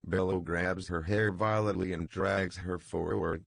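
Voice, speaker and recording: A man giving scripted audiobook narration in a steady, even read into a close studio mic. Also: low voice, measured pace, gravelly.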